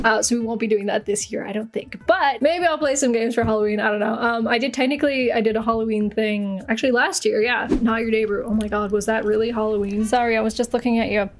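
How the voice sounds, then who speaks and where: Joking young woman YouTuber, slightly high voice. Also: steady tone, quick pace, few pauses, a little hiss or hum. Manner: jokey, switching into silly put-on accents. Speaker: YouTuber answering viewer questions. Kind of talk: casual chat. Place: large echoey room at home. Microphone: desk mic. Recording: roomy home recording with faint music.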